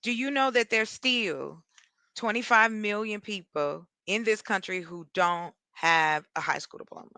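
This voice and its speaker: A woman in a casual panel chat who speaks her mind bluntly and with emphasis. Her voice is bright and a little sharp, and it is recorded dry and close. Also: medium pitch, measured pace, clean tone, no room sound.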